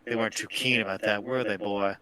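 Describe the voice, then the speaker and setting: A man's voice: fairly low pitch, steady tone, a little fast, crowd noise, close to an everyday voice. A man voicing a burly, suspicious male bartender in a tabletop game, speaking in a menacing drawl.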